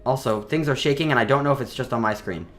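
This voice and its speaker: A man's voice: medium pitch, fast, fairly bright tone. A man giving enthusiastic, rambling let's play commentary, with lots of fillers as he plays a video game. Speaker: gaming video host.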